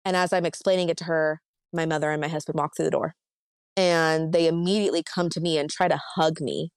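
A woman's voice: low-pitched, fairly even intonation, brisk, clean tone, no echo, clean studio sound. A woman, a podcast guest, tells a painful personal story vividly and emotionally, with many casual "like" fillers.

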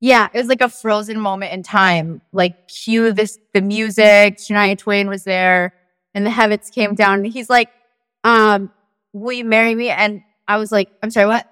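A woman's voice: medium pitch, steady tone, a little slow, a bit bright, smooth, dry recording, clean studio sound. A woman telling a personal story on a podcast, rambling and full of "like", acting out what people said. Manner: rambling, full of "like" and acted-out quotes. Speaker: guest storyteller.

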